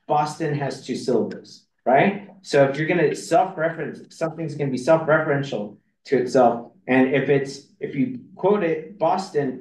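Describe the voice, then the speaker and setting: A man's voice: medium pitch, a little mellow. A man giving a university lecture, rambling and restarting his sentences with many fillers. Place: lecture hall. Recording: roomy hall audio from far off.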